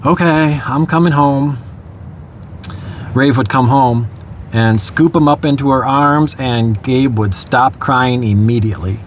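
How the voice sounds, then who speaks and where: A man's voice: medium pitch, fairly even intonation, a little slow, slight background noise. A young man candidly telling his own life story in a casual, reflective way, often adding "you know" and small nervous laughs. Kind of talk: casual spoken memoir.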